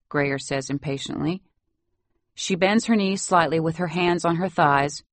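A woman's voice: low-pitched, fairly even intonation, moderate pace, dry recording. A woman narrating a first-person story in an audiobook with wry, dry humor.

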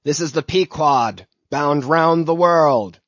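An obsessed old sea captain bellows his words across the waves in a raised, higher voice, as a male narrator puts him on. He sounds commanding and driven. The audio is dull and dry. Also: slow pace, no room sound. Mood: booming hail. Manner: loud hailing, booming.

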